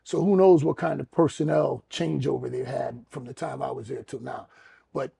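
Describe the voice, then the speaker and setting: A middle-aged man co-hosting a podcast, telling stories in casual chat, animated and swearing freely. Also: mid-range voice, normal speed, creaky, husky. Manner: animated, acts out quotes loudly, laughs, profanity. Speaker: podcast co-host, former wrestler.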